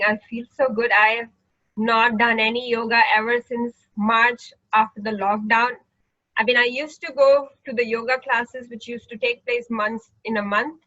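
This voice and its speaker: Bright-voiced woman leading meditation online. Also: a little high. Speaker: meditation leader. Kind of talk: guiding a mantra meditation class. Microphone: video call. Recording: muffled lo-fi video call audio.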